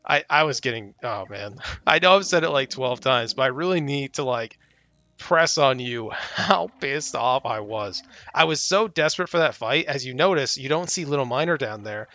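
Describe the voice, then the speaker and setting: A young man giving casual gameplay commentary from home, excitable and exasperated, pleading at the screen. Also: medium pitch, moderate pace, lo-fi sound. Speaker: gaming YouTuber.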